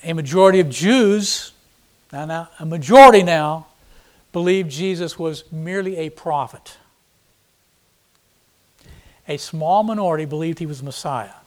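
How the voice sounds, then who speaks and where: A man delivers an expository sermon, reading a passage and then explaining it in blunt, everyday words. He acts out the quoted speakers with sudden bursts of volume. His voice sits a little higher than most men's. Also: normal speed. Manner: reads scripture then explains in plain, blunt paraphrase; dramatic, acting out quoted speakers with sudden loud emphasis. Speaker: preacher.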